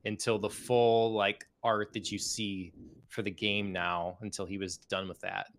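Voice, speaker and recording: Low-voiced man in casual gaming chat. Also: a little slow. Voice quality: relaxed, rambling with fillers. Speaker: podcast co-host.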